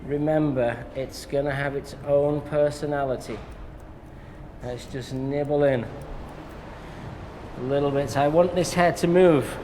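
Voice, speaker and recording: An English man, a hairstylist, talking a viewer through a haircut in a relaxed, chatty way with joking asides. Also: on the high side, a little slow. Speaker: hairstylist and educator. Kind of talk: live haircut tutorial commentary. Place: hair salon. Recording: echoey salon with background noise.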